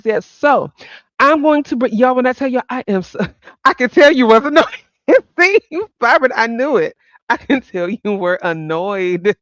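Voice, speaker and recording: A woman's voice: mid-range voice, no room sound, muffled recording. A woman hosting a casual livestream chat, talking to viewers by name and laughing often. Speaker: livestream host.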